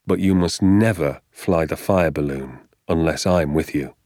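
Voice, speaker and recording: A man reading aloud, voicing a kind, patient father who speaks with calm reassurance in a storybook. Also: very deep voice, a little slow, no room sound, clean studio sound, voice pushed down.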